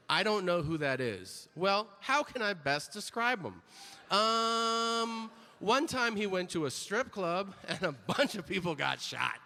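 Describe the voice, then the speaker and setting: Man telling a stand-up story in a hall. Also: high voice. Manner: storytelling, acting out voices with sudden loud outbursts. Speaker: stand-up comedian. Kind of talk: stand-up comedy set. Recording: live hall with long reverb and audience noise.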